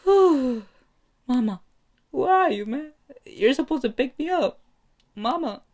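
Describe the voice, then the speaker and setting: A man voicing a hotheaded teenage boy stuck in ice, ranting in a shrill, furious voice. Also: lively intonation, slow, a little mellow, full character voice. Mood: whiny. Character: hotheaded teen boy trapped in ice, yelling.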